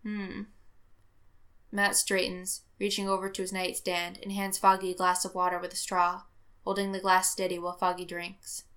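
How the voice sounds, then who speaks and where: Woman narrator, bright and expressive, reads fiction aloud. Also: lowish voice, a little fast. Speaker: reader. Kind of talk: audiobook narration of fan fiction.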